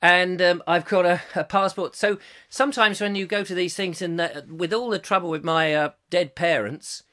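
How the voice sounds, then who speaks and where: A man's voice: high voice, steady tone, moderate pace, bright, forceful tone. A man in his fifties hosting a live comic chat show, rambling through viewer comments with jokey, self-mocking asides. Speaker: host.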